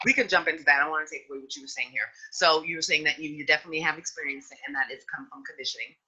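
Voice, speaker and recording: A woman hosting a podcast in casual chat, outspoken and frank, with an animated delivery. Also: deep voice, racing, slightly rough, poor audio. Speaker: podcast host.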